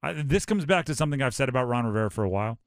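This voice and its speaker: A man from Hawaii hosting a sports talk show, animated and rhetorical, often acting out quotes. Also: mid-range voice, racing, dry recording, studio quality.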